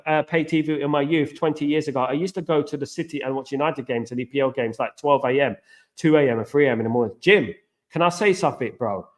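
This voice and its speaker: An English man hosting a casual live stream, chatting with viewers in an animated, repetitive, banter-heavy way with slang shout-outs. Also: medium pitch. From England.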